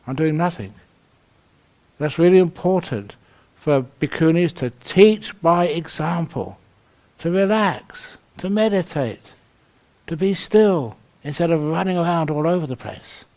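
Slow, joking monk from London. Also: male voice, a little high, expressive, a little mellow. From London, England. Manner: humorous storytelling, laughs at his own jokes. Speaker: Buddhist monk, meditation teacher. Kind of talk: dharma talk at a meditation retreat.

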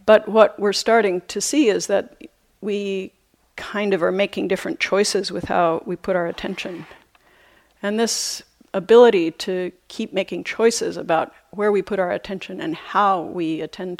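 A middle-aged woman teaching meditation, her voice carrying a gravelly edge. She talks through a retreat dharma talk in a reflective, unhurried way, pausing softly and now and then laughing lightly at herself. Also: medium pitch, steady tone. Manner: reflective, unhurried, with soft hesitations; light self-amused laughter. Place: retreat center meditation hall.

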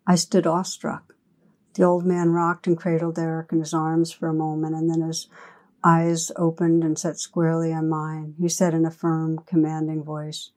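Low, mellow-voiced woman teaching meditation. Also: flat delivery, normal speed. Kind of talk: dharma talk with storytelling.

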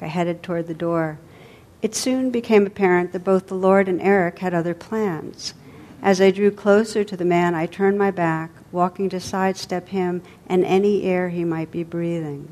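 Low-voiced woman reading a story aloud. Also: fairly even intonation, darkish tone. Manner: vivid, measured storytelling.

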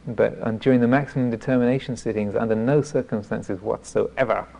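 Gravelly-voiced monk giving a dharma talk. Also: male voice, mid-range voice, steady tone, dark tone, highs cut off. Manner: self-deprecating storytelling; halting, with frequent restarts. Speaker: Buddhist monk teacher.

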